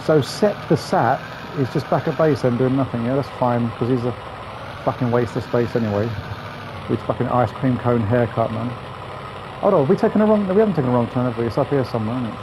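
A man's voice: medium pitch, brisk. A man hosting a gaming channel, giving chatty, profane, grumbling let's-play commentary. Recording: game engine noise behind voice.

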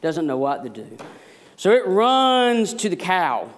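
An associate pastor with a high-sitting voice speaks at a slow pace. He's preaching a sermon and telling a story in an animated way, sprinkling in self-deprecating jokes.

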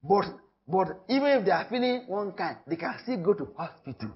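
Emphatic Nigerian pastor preaching. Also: male voice, high voice, sing-song, a little fast, lo-fi sound. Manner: emphatic, repeats phrases, shifts from loud to hushed. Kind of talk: sermon. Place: church.

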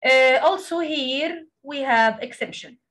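High-voiced woman teaching Quran recitation. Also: fairly bright tone. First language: Arabic. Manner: explains slowly with many hesitations, recites Arabic examples. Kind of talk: online tajweed lesson.

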